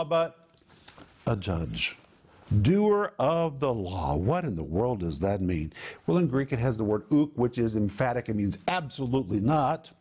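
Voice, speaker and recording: A man teaching a sermon on scripture, emphatic and deliberate, dropping to low hushed tones to stress key words. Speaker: Bible teacher.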